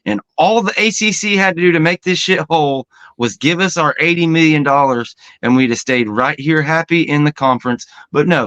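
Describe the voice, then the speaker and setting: A man's voice: fairly high pitch, fairly bright tone, no room sound, muffled recording. A man co-hosting a sports podcast, arguing heatedly and swearing in casual chat. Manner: heated, profane argument. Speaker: podcast co-host.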